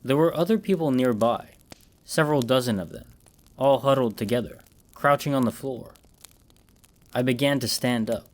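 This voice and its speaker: Man narrating a horror story. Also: mid-range voice. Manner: measured, dramatic storytelling.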